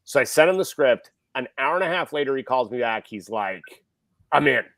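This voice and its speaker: With a creaky, medium-pitched voice and a fairly quick delivery, a middle-aged film director shares a casual story as a podcast guest. He's animated, performing each quoted person, with no room sound in the recording.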